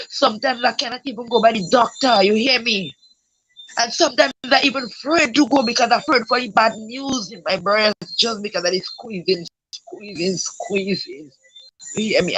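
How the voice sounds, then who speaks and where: A woman's voice: a little high, a bit bright, low-quality recording. A woman telling her story as a grieving mother in an interview, talking in a repetitive, pleading way that breaks into tears and a raised voice. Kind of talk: emotional personal testimony.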